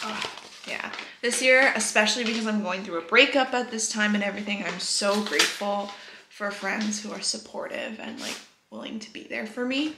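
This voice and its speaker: A woman in her twenties chatting casually in a vlog, gushing and soft-spoken, sometimes dropping to a whisper. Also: medium pitch, moderate pace, creaky. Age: 20s. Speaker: vlogger. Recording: echoey room with faint noise.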